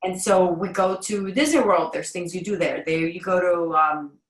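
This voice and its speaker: A woman parenting coach on a call, explaining tasks step by step in a calm, encouraging way. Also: lowish voice, normal speed, roomy sound, low-quality recording. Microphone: video or phone call.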